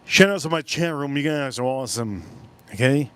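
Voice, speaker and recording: With a mid-range, smooth, expressive voice at normal speed, this adult man from South Florida, past his youth, hosts a live stream. He chats loosely to his viewers, rambling and repeating himself.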